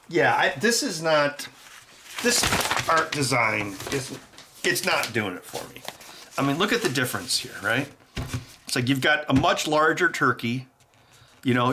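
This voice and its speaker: A man hosting a casual vlog, animated and jokey with frequent laughter. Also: mid-range voice. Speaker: tech YouTuber.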